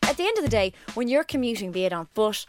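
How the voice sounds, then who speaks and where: A woman's voice: fairly high pitch, big pitch swings, quick pace, loud music behind the voice. A woman co-hosting a podcast, telling opinionated stories in casual chat. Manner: chatty, opinionated storytelling. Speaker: podcast co-host.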